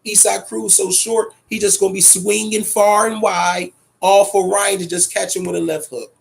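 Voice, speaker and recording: A man's voice: high-pitched, level tone, moderate pace, vocal fry. A man hosting a boxing talk show, giving profane, emphatic commentary and repeating his points. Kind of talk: casual boxing commentary rant.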